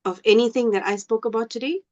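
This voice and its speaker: A woman teaching an online class, speaking slowly and deliberately and often checking whether her students understand. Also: a little high, a little mellow. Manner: slow, deliberate, asks the class questions. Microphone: video call. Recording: dull lo-fi video call audio.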